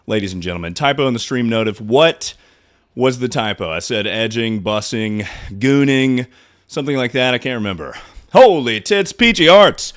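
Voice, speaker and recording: A young man in his twenties hosts a casual livestream while still out of breath. He is loud and excitable and swears freely. His pitch swings widely from line to line. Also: moderate pace, smooth. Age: 20s. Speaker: streamer.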